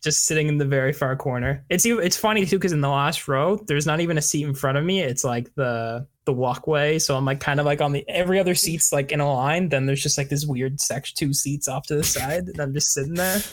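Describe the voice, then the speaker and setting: Man, slightly high voice, rambling casual podcast chat with lots of fillers. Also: fairly quick, hardly any pauses.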